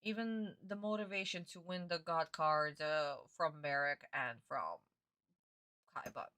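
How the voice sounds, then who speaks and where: A woman's voice: low voice, unhurried, bright, forceful tone, no echo. A young woman ranting in a casual live-stream reaction, exasperated and swearing freely.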